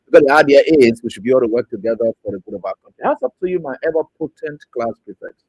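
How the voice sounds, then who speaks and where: A man's voice: mid-range voice, expressive, racing, a little mellow, breathy edge, no room sound, highs cut off. A man from Liberia hosting an online talk show, greeting viewers by name and mocking his critics. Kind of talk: casual political commentary.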